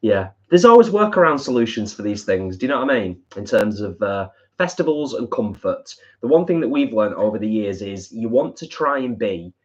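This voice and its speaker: An easygoing man with a fairly low voice chats on a home live stream. He reads out viewer comments and agrees readily, and the audio is muffled and lo-fi. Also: big pitch swings, a little fast, few pauses. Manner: easygoing and agreeable, with many fillers. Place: living room at home.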